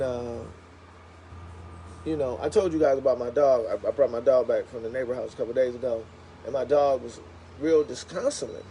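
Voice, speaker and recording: A man telling a casual, animated story to viewers of his livestream. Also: a little high, a little hiss or hum, rough recording. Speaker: live streamer.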